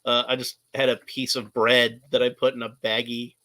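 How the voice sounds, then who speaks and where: Laughing, rambling man with a bright voice. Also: mid-range voice, flat delivery, normal speed, dry recording. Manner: rambling, laughs often, many fillers and restarts. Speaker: guest, artist and toy collector. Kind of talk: casual chat.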